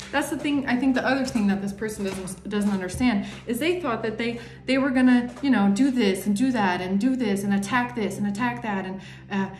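A woman's voice: fairly high pitch, darkish tone. A woman doing a casual tarot reading, talking emphatically and acting out what other people think. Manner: chatty, emphatic, acts out imagined people's thoughts. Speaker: tarot reader. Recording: roomy echo with faint music.

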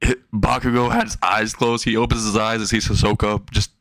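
A man's voice: on the low side, level tone, a little fast, a bit bright, no room sound. A man casually narrating a silly fan-fiction story, rambling with restarts and chuckling at his own jokes.

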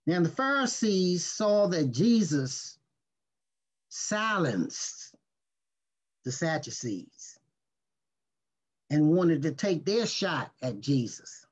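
A male pastor reading scripture and teaching in a slow, deliberate sermon, leaning on key words. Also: on the high side, sing-song, slightly rough. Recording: dull lo-fi recording.

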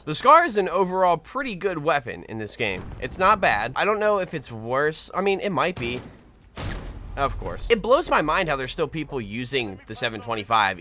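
A man giving casual gameplay commentary as a gaming video host, excitable and swearing often, with frequent laughs. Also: on the high side, slight background noise. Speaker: gaming YouTuber. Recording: game gunfire behind voice. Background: game gunfire and explosions.

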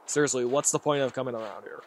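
A man's voice: mid-range voice, fast talker, slight background noise. A man giving rambling commentary while playing a horror game, talking to himself and reacting aloud. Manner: rambling, jittery, talks to himself. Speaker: gaming YouTuber.

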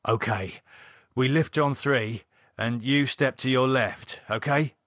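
A man's voice: medium pitch, takes it slowly, fairly bright tone, no echo, studio quality. A man voicing a blunt, sardonic man who swears casually while preparing a grim ritual. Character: edgy blunt man reviving a vampire.

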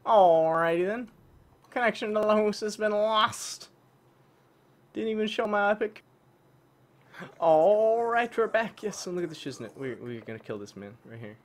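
A gaming YouTuber comments casually on his own online shooter match, excitable and trash-talking, swinging between mutters and yells. His voice is high and his pace brisk.

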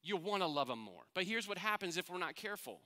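Bright-voiced man preaching earnestly. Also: sits high, sing-song, fast talker. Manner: earnest, conversational preaching with rhetorical questions. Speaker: pastor. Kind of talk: sermon.

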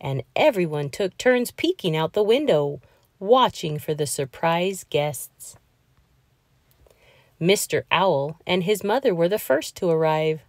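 Woman reading a kids book aloud, slow and super expressive, dry close sound. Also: fairly low pitch, dry recording. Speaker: children's book reader. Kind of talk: read-aloud storytelling.

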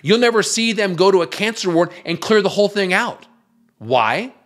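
A man's voice: high-pitched, lively intonation, normal speed, a bit bright. A man hosting his own show, giving emphatic, scornful commentary in a preaching style. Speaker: host.

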